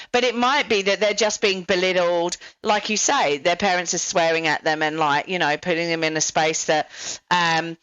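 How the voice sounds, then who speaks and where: A woman's voice: mid-range voice, a bit bright, no echo, lo-fi sound. A woman hosting a podcast, chatting casually and filling her talk with "you know" and "like". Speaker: podcast host. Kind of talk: casual interview chat.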